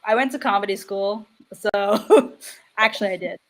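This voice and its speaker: A woman's voice: medium pitch, normal speed, low-quality recording. A woman with comedy training, chatting casually on a video call panel and laughing often.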